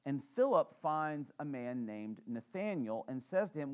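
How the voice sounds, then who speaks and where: A male pastor teaches the congregation through a sermon. His delivery is relaxed and conversational, full of small fillers and restarts. He often turns to the room with questions. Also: medium pitch, measured pace, few pauses. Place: church.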